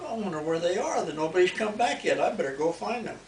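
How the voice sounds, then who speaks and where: A worried little old woman from a bedtime tale, as an older man puts her on, soft and plain with a high-ish voice. She sounds far from the mic, in a room with echo and faint noise behind. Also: animated, fast talker.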